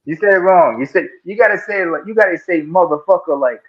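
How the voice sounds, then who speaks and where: A man co-hosting a livestream who teases the others in an animated way. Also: high-pitched, fast, highs cut off. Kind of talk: casual livestream chat.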